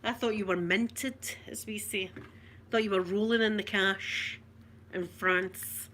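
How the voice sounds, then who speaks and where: A woman's voice: medium pitch, fairly even intonation, a little slow, fairly bright tone, slight background noise. A Scottish woman chatting casually to live viewers at home, telling funny stories and laughing often. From Scotland. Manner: chatty storyteller, laughs often, mimics voices. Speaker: ASMR livestream host. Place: home room.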